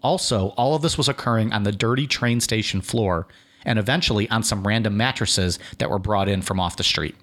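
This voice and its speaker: A man's voice: fairly low pitch, fairly quick, fairly bright tone. Man reading history notes on a podcast. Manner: reads notes, then drifts into filler-heavy "like" chatter. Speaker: podcast host and narrator. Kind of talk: reading a history outline with casual asides.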